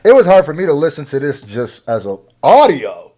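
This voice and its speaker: A young man, a new father, reacting to a music video in casual commentary, getting emotional and swinging from quiet murmurs to loud laughing outbursts. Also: fairly high pitch, huge pitch swings, fairly quick.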